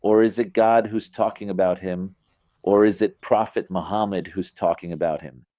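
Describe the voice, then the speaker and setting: Speaking at a moderate pace with fairly even intonation, a middle-aged male religious teacher delivers a relaxed lesson in a low, mellow voice with no room sound. He asks "you get it?" along the way and voices phrasings with extra emphasis.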